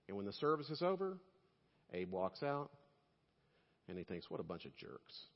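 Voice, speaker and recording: A male pastor preaching a sermon, telling stories and swinging between loud emphasis and quiet asides. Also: fairly low pitch, long reverb tail, muffled recording.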